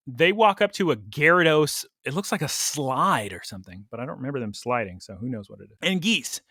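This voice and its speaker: Bright, higher-voiced chatty man. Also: dry recording, studio quality. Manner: chatty, opinionated, laughs often. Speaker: podcast co-host. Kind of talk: casual chat recapping an anime episode.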